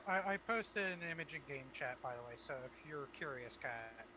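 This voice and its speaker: Sharp-voiced swearing man player. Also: a little high, expressive, normal speed, slight background noise, rough recording. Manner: casual, swears freely. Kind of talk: casual tabletop play.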